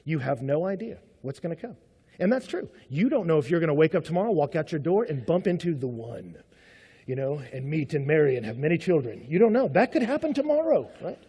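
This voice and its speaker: A male pastor preaches with a high, lively voice that swings up and down. His tone is a little husky, and the sound rings with the long reverb of a large church auditorium. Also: fairly quick. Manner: conversational, animated preaching with rhetorical questions. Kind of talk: sermon.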